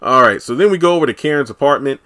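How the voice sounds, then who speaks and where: A man casually recapping a TV episode as a solo reviewer, chatty and animated, acting out characters' lines. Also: medium pitch, rapid-fire. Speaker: TV show reviewer.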